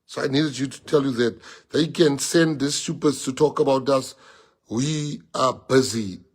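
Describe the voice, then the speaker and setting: A man's voice: mid-range voice, a little slow, husky. A man with a South African accent addressing his party's members, rallying them with emphatic repetition and bits of Afrikaans. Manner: emphatic, repeats phrases, mixes in Afrikaans. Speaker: party leader.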